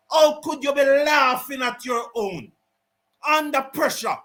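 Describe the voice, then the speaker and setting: A man commentating on a cricket match, ranting indignantly and repeating himself with emphatic outbursts. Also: very high-pitched. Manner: indignant, repetitive, emphatic, sometimes shouting. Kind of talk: live fan commentary and rant.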